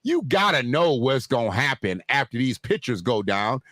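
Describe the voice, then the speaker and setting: A man's voice: mid-range voice, big pitch swings, moderate pace, a bit bright, no echo. A man hosting a livestream, talking straight to his viewers in a loose, joking, conversational way. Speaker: livestream host. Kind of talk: casual livestream commentary.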